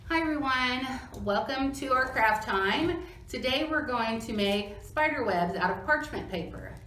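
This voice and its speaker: A woman's voice: fairly high pitch, measured pace. Casual woman explaining a craft. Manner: relaxed, step-by-step explaining. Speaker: library craft instructor. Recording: roomy echo with clear background noise.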